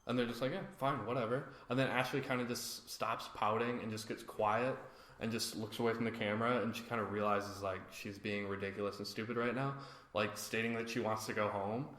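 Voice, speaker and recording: A man's voice: fairly low pitch, fairly quick. A man co-hosting a podcast, casually recapping a reality show and acting out what the cast said. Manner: animated storytelling, acting out quotes. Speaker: podcast co-host. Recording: roomy echo.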